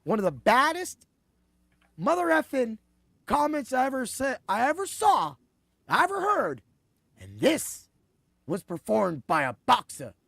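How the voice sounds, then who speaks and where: An excitable man hosting a casual sports podcast, his voice carrying a gravelly edge. He rambles, swears and laughs as he talks, and the sound is close and dry with no room around it. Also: very high-pitched, measured pace, pauses often, no echo. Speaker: podcast host.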